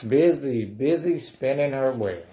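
A man's voice: mid-range voice, animated, measured pace, mellow, slight background noise. A man reading a picture book aloud at a library storytime, playfully coaxing the children to say the refrain along with him.

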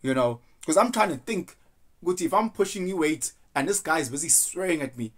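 A man's voice: on the high side, animated, fairly quick. A young man talking through his thoughts in a casual, rambling monologue, earnest and loose, slipping into quoted voices now and then. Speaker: vlogger.

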